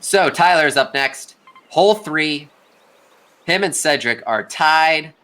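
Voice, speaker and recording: A man's voice: on the high side, lively intonation, slow pace, sharp tone. A young man giving casual live play-by-play commentary on a video game golf tournament, chatty and talking straight to the players.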